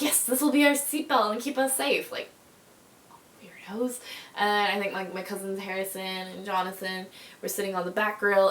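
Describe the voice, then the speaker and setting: A young woman vlogging to camera, telling childhood stories in a chatty, animated way with lots of fillers and bursts of laughter. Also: mid-range voice. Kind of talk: casual storytelling to camera. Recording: echoey room.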